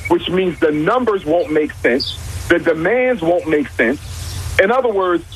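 A man's voice: a little high, expressive, unhurried, a little hiss or hum, poor audio. A man arguing his points with emphasis on a talk show, repeating key lines and asking rhetorical questions. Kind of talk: impassioned talk-show argument.

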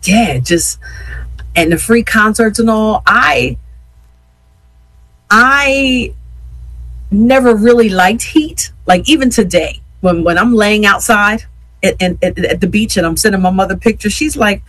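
Husky-voiced chatty radio host. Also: medium pitch, measured pace, a bit bright, dry recording, low-quality recording. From Yeadon, Pennsylvania. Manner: chatty, repeats words, addresses listeners as y'all. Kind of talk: casual chat with listeners.

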